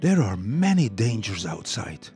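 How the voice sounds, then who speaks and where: A man's voice: very animated, a little slow, dark tone, soft background music. A man voicing a frightened mother mouse who urgently guides her children. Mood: cautious. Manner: urgent, high-pitched warnings.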